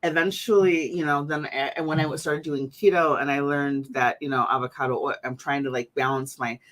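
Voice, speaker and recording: A woman's voice: low-pitched, fairly even intonation, brisk, a bit bright. A woman hosting a casual conversation, chatty, with many fillers and restarts. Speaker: host.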